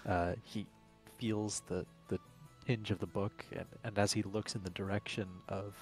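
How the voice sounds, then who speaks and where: A man's voice: lowish voice, steady tone, moderate pace, darkish tone, soft background music. A man playing a tabletop game, narrating his character's actions in third person with filler sounds. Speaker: player.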